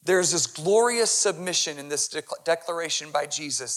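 A male pastor preaching an impassioned sermon that swings from hushed to loud. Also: fairly high pitch, normal speed.

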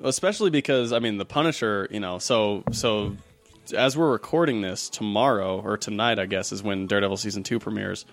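A man co-hosting a podcast in a relaxed, rambling way, laughing often. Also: lowish voice, brisk, faint music behind. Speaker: podcast co-host. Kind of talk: casual chat.

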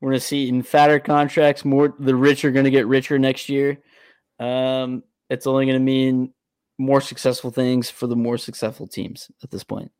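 A man's voice: mid-range voice, moderate pace, clear, resonant tone, no room sound. Profane man telling sports stories. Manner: profane, animated storytelling. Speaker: podcast co-host. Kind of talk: casual sports chat.

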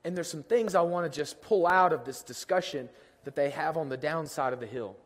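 Hoarse pastor preaching in a reverberant church. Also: male voice, on the high side, fairly quick. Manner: self-deprecating storytelling, lively and joking. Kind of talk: sermon. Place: church sanctuary. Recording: long hall reverb.

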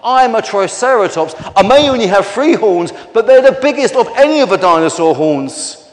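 A man's voice: high voice, animated, normal speed, echoey room, big-room sound, pitched above the performer's own voice. A man voicing a proud, boastful female triceratops in a children's story.

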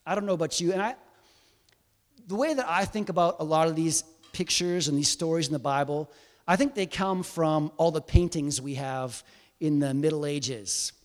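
A man preaching a sermon in a chatty, animated storytelling manner, with a long hall reverb. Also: fairly high pitch, moderate pace.

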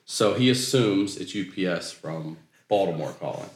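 A man from Maryland telling a profane, animated comic story as a guest storyteller, laughing through his punchlines. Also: low voice, moderate pace, reverberant. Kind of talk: comedic storytelling.

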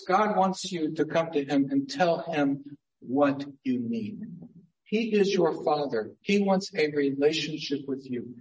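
Man, pastor, sermon, high voice, conversational preaching, slightly distant mic. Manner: conversational preaching, swings between emphatic and hushed.

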